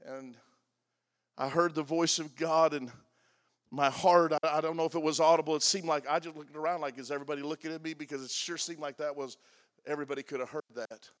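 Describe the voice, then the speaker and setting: A pastor in his sixties preaching a confessional sermon, moving between loud emphatic lines and hushed, soft passages. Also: a little high, steady tone, a little fast. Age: 60s.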